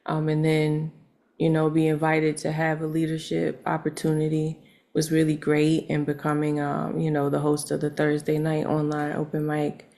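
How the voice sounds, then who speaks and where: A woman poet answering interview questions in a relaxed, reflective way, with frequent fillers. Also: sits low, normal speed. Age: adult. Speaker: poet and open mic host.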